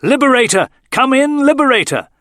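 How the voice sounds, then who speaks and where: A man's voice: on the high side, lively intonation, normal speed, no room sound, clean studio sound, voice pushed up, close to an everyday voice. A man voicing a bitter, breaking-down male crew member in an audio story, angry and snarling.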